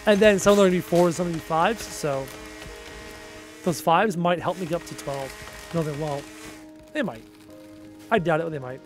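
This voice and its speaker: A young Canadian man with a Canadian accent chats casually on a gaming livestream, thinking out loud and responding to viewer comments. His voice is fairly high and fairly quick, with long pauses, and music plays underneath.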